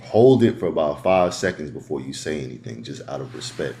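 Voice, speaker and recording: A man giving crude bedroom advice in a slow, laid-back casual monologue, heavy on street slang. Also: rumbling low, animated, background noise. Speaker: dating advice host.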